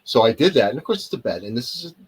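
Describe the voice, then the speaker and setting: In poor audio, a male actor speaks in a mid-range, husky, somewhat mellow voice that races along with big swings in pitch. He's a guest on a video-call interview, telling casual stories that ramble and digress, often losing the point and then coming back to it.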